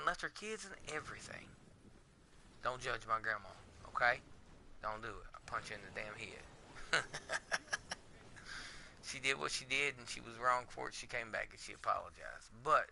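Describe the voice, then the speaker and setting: A man's voice: medium pitch, gravelly, pushed and bright, slight background noise. A man, a podcast host giving a candid, emotional monologue in a blunt and profane way.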